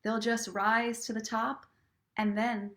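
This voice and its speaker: A woman hosting a live story time stream, chatting in an encouraging way and slowing down for soft affirmations. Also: fairly high pitch, level tone. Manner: chatty and encouraging, reads viewer comments aloud. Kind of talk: casual live-stream talk with inspirational reading.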